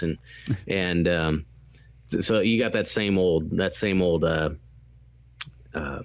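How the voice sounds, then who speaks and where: Deep-voiced man rambling through a movie recap. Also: takes it slowly, pauses often, no echo. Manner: rambling recap with many fillers and acted quotes. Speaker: podcast co-host. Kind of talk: casual movie review chat.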